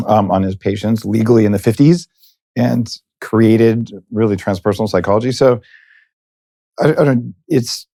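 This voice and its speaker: Rambling, low-voiced man host. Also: moderate pace, vocal fry, no room sound, clean studio sound. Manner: rambling, animated, enthusiastic. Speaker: podcast host. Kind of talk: casual interview chat.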